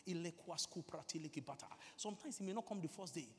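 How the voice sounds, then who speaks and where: A preacher with a notably high voice delivers a sermon in a big hall, where a long reverb trails each phrase. He swings between quiet, intimate urging and loud, climbing outbursts, and drops into whispered prayer in tongues. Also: expressive, racing, a little hiss or hum. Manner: mimics stammering, prays in tongues.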